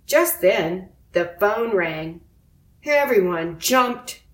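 A woman narrates a children's storybook in a clear, unhurried way, taking her time over each line. Her voice sits at a middle pitch, and the recording has a roomy echo around it. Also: animated, a bit bright. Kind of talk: children's storybook read-aloud.

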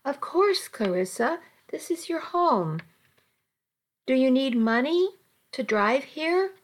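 A man's voice: extremely high pitch, expressive, a little slow, a bit bright, voice pushed up, exaggerated voice. A woman voicing a protective father who speaks firmly and reassuringly over the phone in a spoken story. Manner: firm and reassuring.

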